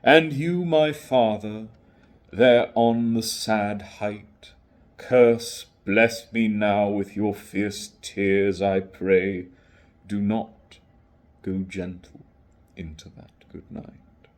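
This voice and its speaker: A man's voice: on the low side, fairly even intonation. A man doing a wavering, grand old poet's recital voice. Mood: solemn. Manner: slow dramatic recitation, lines fading to near whisper. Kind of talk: poetry recital.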